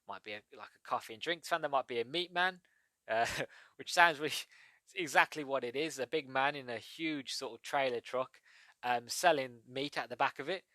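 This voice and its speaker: A British man talks through his podcast in a chatty, rambling way, drifting from point to point. His tone is bright and clear. The sound is dry and close, with no room around it. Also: medium pitch, moderate pace, dry recording. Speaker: podcast host. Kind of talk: casual solo podcast monologue.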